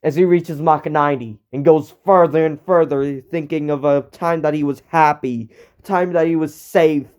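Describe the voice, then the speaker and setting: A man's voice: on the high side, steady tone, normal speed, darkish tone, smooth. A young man narrating an amateur fan story in a rambling way, correcting himself as he goes.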